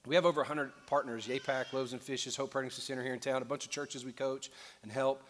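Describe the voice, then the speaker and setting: A man with a mid-range, fairly even voice talks fast, sounding a bit bright over slight background noise. He's a pastor preaching in a large church auditorium, telling a story earnestly and building toward a fervent call to action. Long reverb from the big hall trails his words.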